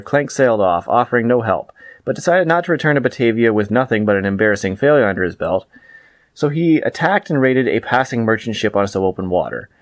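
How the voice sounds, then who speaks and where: A man reading a scripted book review in a measured, wry way. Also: mid-range voice, no echo.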